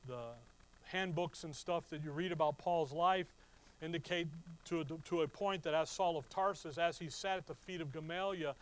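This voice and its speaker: Male Bible teacher, slightly high-pitched, conversational, slows for emphasis. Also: rough recording. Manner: conversational teaching, rising to slow emphatic stress. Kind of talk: sermon.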